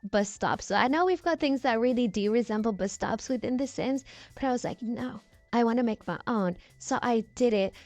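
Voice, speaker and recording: A woman's voice: a little high, brisk, no echo, soft background music. A chatty, rambling woman from the UK, speaking through a voice changer as she gives casual commentary over her game building.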